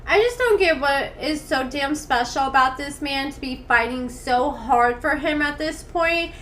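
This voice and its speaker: A woman's voice: high voice, a little slow, a bit bright, a little hiss or hum. A woman hosting a gossip commentary channel, reading messages aloud with blunt, sarcastic asides into a desktop studio mic. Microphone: desktop USB studio mic.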